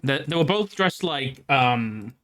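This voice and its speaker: A man streaming, telling a story to his chat in a casual, animated way, swearing freely and laughing as he goes. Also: mid-range voice, slow.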